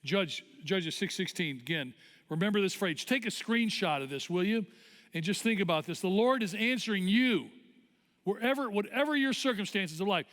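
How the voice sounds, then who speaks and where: A male pastor preaching a sermon in an animated, conversational storytelling way. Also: sits high, normal speed. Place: church auditorium. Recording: long church hall reverb.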